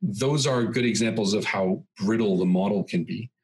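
Podcast guest: husky man, lowish voice, expansive storyteller who piles up examples. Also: normal speed, darkish tone, low-quality recording. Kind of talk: conversational podcast interview.

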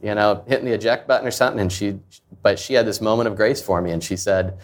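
A man's voice: lowish voice, quick pace. A man in his thirties, a company founder, telling a personal story in an interview in an earnest, confessional way. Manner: earnest, confessional, acts out quoted voices. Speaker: founder and CEO, guest.

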